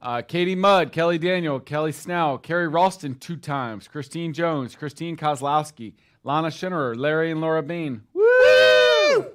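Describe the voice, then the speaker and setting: Co-host, male: friendly, enthusiastic talker, voice a touch high. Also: normal speed, few pauses. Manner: friendly and enthusiastic, laughs easily. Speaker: co-host of a live brokerage sales meeting. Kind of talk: casual live co-hosting and thanking agents. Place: company studio.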